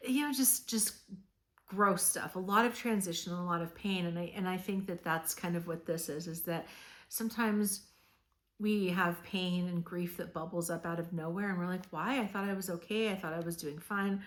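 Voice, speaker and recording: A woman with a somewhat low voice talks her viewers through a weekly tarot reading. She sounds earnest and reassuring, meanders from thought to thought, and often pauses on "um" and "like". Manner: chatty and meandering, with frequent "um" and "like". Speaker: tarot reader. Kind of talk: casual tarot reading to camera.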